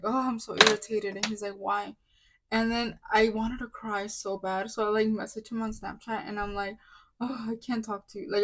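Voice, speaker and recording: Young woman in her twenties, vlogger, venting storytime, fairly high voice, lots of likes and restarts. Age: 20s. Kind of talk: casual storytime vlog.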